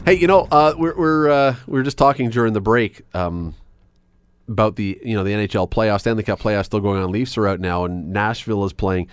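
A man's voice: fairly low pitch, a little fast, smooth, no room sound. A man hosting an evening radio talk show, chatty and playful, laughing often as he talks in the studio. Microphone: studio microphone.

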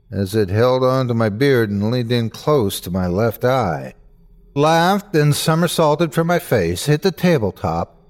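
A male host narrating a horror story in a measured voice that builds suspense. He speaks slowly and lets his pitch rise and fall widely. His reading is dramatic throughout. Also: darkish tone.

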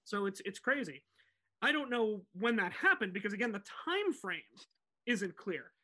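A man with a high, bright voice hosts a podcast and leads the storytelling. He talks in a casual, animated, chatty way and laughs easily as he goes. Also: moderate pace. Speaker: podcast host telling the story.

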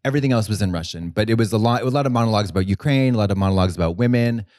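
A man's voice: lowish voice, very fast, a little mellow, no room sound, clean studio sound. A man co-hosting a podcast in casual chat, rambling and swearing, with many restarts and fillers. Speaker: podcast co-host.

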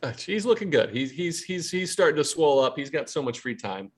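A man's voice: a little high, expressive, brisk, slightly rough. A man co-hosting a podcast in casual sports chat, easygoing and often restarting his words. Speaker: podcast co-host.

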